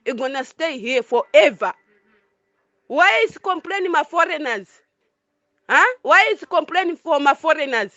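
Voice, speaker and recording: A foreign resident delivers an impassioned monologue in broken English, repeating points emphatically. The voice is high, expressive and sharp, at a moderate pace. The recording is dry, dull and lo-fi.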